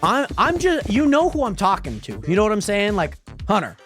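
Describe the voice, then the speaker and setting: A man's voice: sits high, very animated, fairly quick, fairly bright tone. A man from Spokane, Washington, livestreaming in casual chat. He reacts to his viewers in a rambling, filler-heavy way and laughs often. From Spokane, Washington, USA. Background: music.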